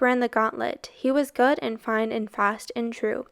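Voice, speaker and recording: A woman reading a novel aloud in a steady, expressive storytelling way. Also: on the high side, measured pace, hardly any pauses, clear, resonant tone, dry recording, studio quality. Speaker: reader.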